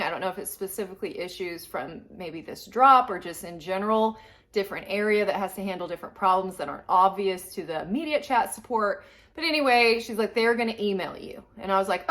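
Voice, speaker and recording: A woman's voice: on the high side, a bit bright. A woman vlogger venting in a rambling, frustrated casual rant to her viewers. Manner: frustrated, rambling, quick asides. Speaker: collector vlogger.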